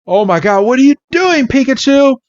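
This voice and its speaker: A man voicing a young male trainer in a comic recap; the voice is whiny, pleading and pushed high. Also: very animated, moderate pace, dry recording, highs cut off. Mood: alarmed.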